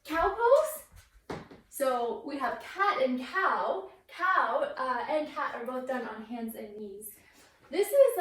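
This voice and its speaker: A woman's voice: high-pitched, a bit bright. A young woman teaching a yoga class with a toddler, playful and sing-song, breaking into animal sounds. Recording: very echoey room, mic at a distance, faint noise.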